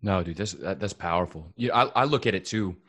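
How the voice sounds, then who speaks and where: Very deep-voiced casual podcast host, a man. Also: fairly quick, a bit bright, husky, dry recording. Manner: casual, fillers like dude and right, restarts. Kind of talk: casual chat.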